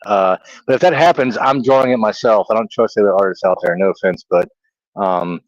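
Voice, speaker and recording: A man's voice: lowish voice, fairly quick, no room sound, highs cut off. A middle-aged man with a Southern US accent, co-hosting a casual livestream, chatty and laughing at himself. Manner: laughs easily, chatty and self-teasing. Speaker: livestream co-host.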